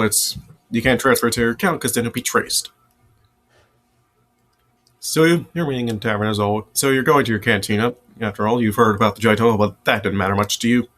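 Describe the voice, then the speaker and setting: A man's voice: lowish voice, a bit bright. Guy game master narrating, kinda rambly, keeps restarting.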